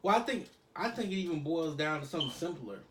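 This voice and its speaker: A man's voice: on the high side, lively intonation, quick pace, reverberant, noisy background. A man co-hosting a casual podcast chat, explaining his points through everyday examples. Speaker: podcast co-host.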